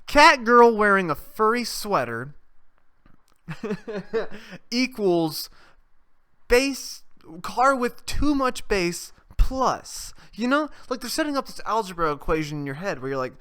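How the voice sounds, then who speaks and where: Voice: medium pitch, very animated, takes it slowly, a bit bright, clear, resonant tone. A young adult podcast host ranting off the cuff, profane and rambling, sarcastic and laughing at their own jokes. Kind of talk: off-the-cuff solo rant.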